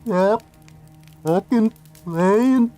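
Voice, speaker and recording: A man doing a halting, inhuman mimic voice. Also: high-pitched, warm tone, faint music behind, voice pushed up. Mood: menacing. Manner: halting, rhythmless, drawn-out. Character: inhuman creature mimicking a man's voice.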